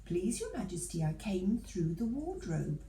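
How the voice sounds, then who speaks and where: A woman's voice: lowish voice, big pitch swings, measured pace, mellow, echoey room, far from the mic, soft background music. A woman voicing a frightened young boy who answers hesitantly and politely. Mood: timid. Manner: hesitant, deferential.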